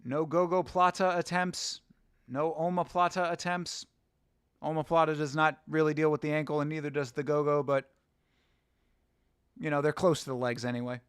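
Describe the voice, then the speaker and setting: A man's voice: fairly high pitch, level tone, normal speed, clean tone, no echo, studio quality. A young American man hosting a casual fight watch-along, chatting with viewers and swearing casually. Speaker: livestream host.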